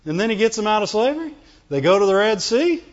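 A man preaching a sermon, animated and playful, acting out whining voices and laughing often. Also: high-pitched, fast. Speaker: pastor. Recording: dull sound with long hall reverb.

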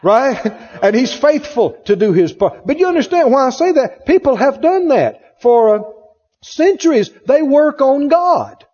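A man's voice: extremely high pitch, big pitch swings, unhurried, a little mellow. A man preaching a sermon emphatically, repeating phrases and asking the congregation questions. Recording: dull lo-fi recording in a reverberant hall.

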